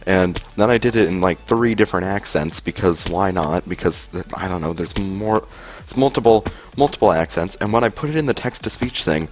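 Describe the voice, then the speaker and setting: A man's voice: sits low, fairly quick, soft background music. A man rambling through a story as he comments on gameplay, with lots of fillers, restarts and laughter. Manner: laughs often. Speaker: gaming video host.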